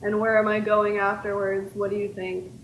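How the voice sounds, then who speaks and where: A woman's voice: mid-range voice, flat delivery, moderate pace. A woman interviewing a guest in a casual chat, asking teasing questions and filling gaps with "like.". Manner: chatty, frequent "like" fillers, teasing questions. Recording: echoey room, faint background noise.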